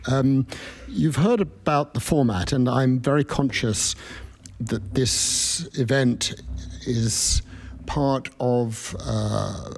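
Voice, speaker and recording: A man from the United Kingdom giving a public lecture, measured and reflective, posing questions to himself. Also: medium pitch, darkish tone, husky. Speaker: guest speaker. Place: event hall with an audience.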